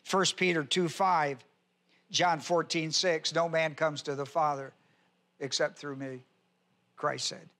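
Emphatic high-voiced male pastor. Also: fairly even intonation, takes it slowly, long pauses, pushed and bright. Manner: reads scripture aloud and spells out Greek words. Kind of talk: expository Bible teaching sermon.

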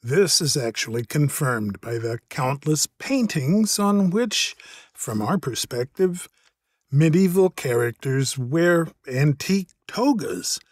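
A man narrating an explanatory monologue in a measured, earnest way. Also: fairly high pitch, no room sound, clean studio sound.

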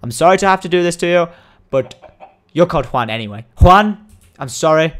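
Brief: young man, animated, up-and-down voice, chatty gaming commentator who breaks into sudden shouts. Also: on the high side, fast. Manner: excitable, coaxing, bursts into shouts and laughter. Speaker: gaming video host. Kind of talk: let's-play commentary.

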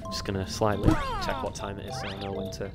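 A man's voice: lowish voice, monotone, loud music behind the voice. A man casually commenting on his video game playthrough, rambling and poking fun at himself. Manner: rambling, self-mocking, quick to laugh. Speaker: let's play host.

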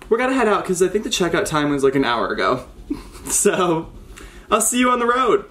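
A man in his twenties, chatting excitedly to a handheld camera on a solo road trip. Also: high voice, brisk. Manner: excitable and chatty, talking to himself on a solo drive. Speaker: vlogger. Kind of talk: casual travel vlog talk to camera. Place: in a car and outdoors on rural roads. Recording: audible car and outdoor noise.

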